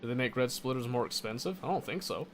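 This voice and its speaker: A man's voice: mid-range voice, expressive, fast, a little hiss or hum. A man casually commenting on his own gameplay, muttering to himself and correcting his mistakes as he goes. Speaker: gameplay streamer.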